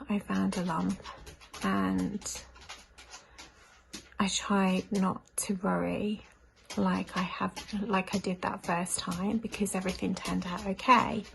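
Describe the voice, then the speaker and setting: A woman's voice: mid-range voice, slight background noise. A woman in her thirties talks to the camera for her vlog, half-whispering and worried. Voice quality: husky, gravelly. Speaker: vlogger. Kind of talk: personal vlog confiding to camera.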